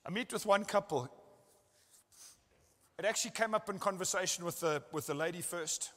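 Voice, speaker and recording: A man's voice: sits high, normal speed, fairly bright tone, long reverb tail. A male pastor preaching a sermon at a church service, telling stories earnestly and acting out what people said.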